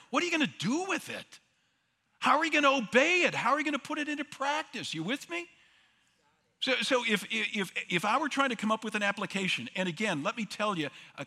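A man's voice: high voice, pushed and bright, long reverb tail. A man preaching a sermon as pastor, emphatic, with rhetorical questions and repeated words for stress.

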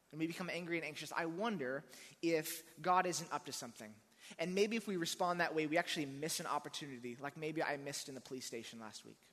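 A man's voice: a little high, pushed and bright. A male pastor telling a personal story in a conversational sermon with dry humor. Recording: long reverb of a large hall.

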